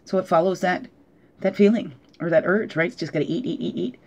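A woman acting as a spiritual teacher, giving a casual weekly oracle card reading. She reflects aloud, asks many questions, often adds "right?", and jokes gently at her own expense. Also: on the low side, brisk, gravelly. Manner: gently joking, laughs at herself. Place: at home.

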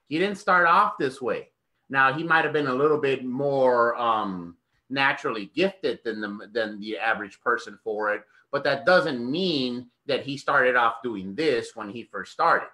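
A man's voice: mid-range voice, pushed and bright. A man hosting a podcast, hyped and swearing heavily while speaking straight to the listeners. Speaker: podcast host. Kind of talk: podcast conversation.

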